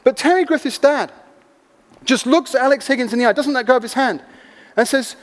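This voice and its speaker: High-voiced preacher in a hall. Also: male voice, a little fast, long pauses. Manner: animated, expressive storyteller. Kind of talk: sermon storytelling. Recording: long echo of a large hall.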